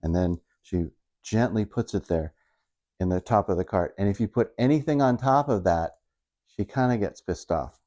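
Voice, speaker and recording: A middle-aged man tells stand-up stories in a casual, rambling way. His voice sits a little low and sounds mellow and relaxed. He pokes fun at himself as he goes. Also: moderate pace. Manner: rambling, self-mocking, animated retelling. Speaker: stand-up comedian.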